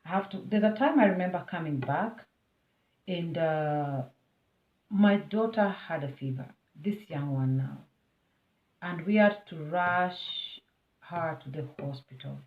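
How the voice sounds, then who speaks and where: A woman's voice: fairly low pitch, a little slow. Kenyan woman vlogger, storytime delivery, emphatic and chatty, addresses the viewer directly; phone-like sound. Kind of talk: storytime vlog. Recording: tinny, phone-like and roomy.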